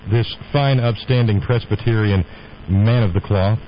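A man's voice: lowish voice, moderate pace, lo-fi sound, slight background noise. A man hosting a radio show, talking in a rambling, opinionated monologue. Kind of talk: casual on-air monologue.

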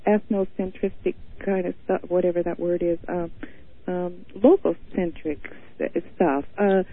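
A man's voice: high voice, fairly even intonation, measured pace. A man from Montana calling in to a radio show, chatting in a campy, flamboyant way and calling people honey. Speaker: caller. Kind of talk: phone-in chat. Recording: tinny phone line.

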